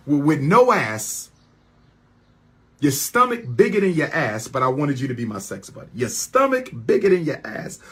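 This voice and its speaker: A man in a heated, mocking rant to his audience, repeating lines for effect and swinging from loud outbursts to quiet asides. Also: a little high, slightly rough. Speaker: speaker addressing his audience.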